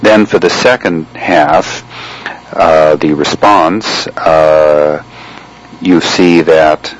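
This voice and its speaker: Deep-voiced guy explaining chant slowly, lots of pauses, teacher vibe. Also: poor audio. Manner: measured, explanatory, with frequent pauses. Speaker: chant instructor. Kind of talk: spoken lesson on chant.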